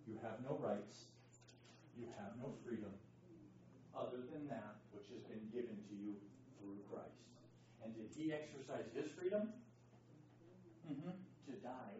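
A man's voice: medium pitch, expressive, a little slow, pauses often, mellow, a little hiss or hum. A man leading an interactive Bible lesson, speaking emphatically, quizzing his class and often checking in with "okay?". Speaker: Bible study teacher. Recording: echoey room, distant dull mic.

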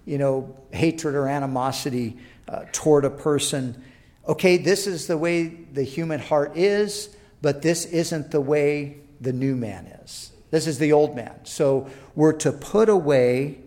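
A man's voice: medium pitch, a little mellow. A man preaching a sermon in a conversational way, acting out prayers and inner dialogue. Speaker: pastor.

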